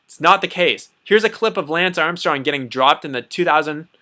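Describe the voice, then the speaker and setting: A man's voice: on the high side, normal speed, pushed and bright. A man talking casually to camera about diet, repeating himself and dropping lots of "you know.". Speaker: diet vlogger.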